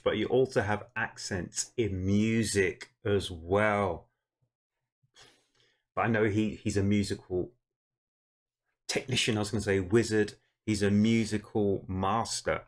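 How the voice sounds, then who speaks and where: A man from the UK hosting a reaction video, chatting casually and with amazement to his viewers. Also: on the low side. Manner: amazed, chatty, frequent laughs, addresses viewers as guys. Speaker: reaction channel host.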